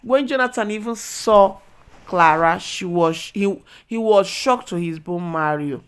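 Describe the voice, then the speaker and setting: A woman with a Nigerian accent casually retelling a movie plot as a vlogger, excitable and full of exclamations, slipping into pidgin. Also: mid-range voice, unhurried, smooth. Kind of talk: casual storytelling recap.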